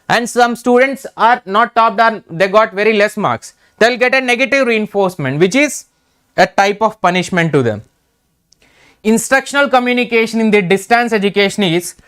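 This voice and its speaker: Indian man lecturing, smooth voice. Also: high-pitched, a bit bright. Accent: Indian English. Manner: repeats key terms, frequent "right?" checks. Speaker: teacher. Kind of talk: exam revision lecture.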